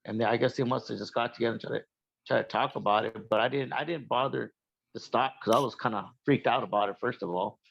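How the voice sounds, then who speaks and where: A man casually telling about a sighting of his own, in halting, rambling speech full of restarts. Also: mid-range voice, creaky, fairly bright tone, dull audio. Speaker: guest sharing a UFO sighting. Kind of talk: casual storytelling.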